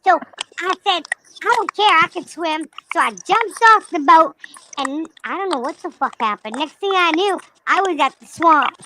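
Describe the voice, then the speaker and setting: A woman's voice: very high voice, lively intonation, normal speed, noisy background. A woman voicing a cheeky young male rainbow lemur who rambles through a crude, chatty story. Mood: rambling tale. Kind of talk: comic character monologue.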